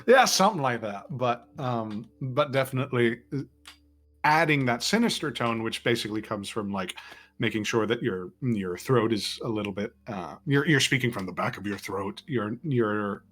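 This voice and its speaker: Brief: man podcast host, mid-range voice, thoughtful and halting. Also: medium pitch, lively intonation, a bit bright. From East Texas, US. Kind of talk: casual chat.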